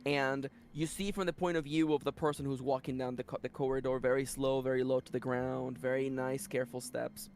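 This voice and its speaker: A man's voice: mid-range voice, a little fast, hardly any pauses, slight background noise. Man narrating as a playful game master. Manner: animated, playful scene-setting.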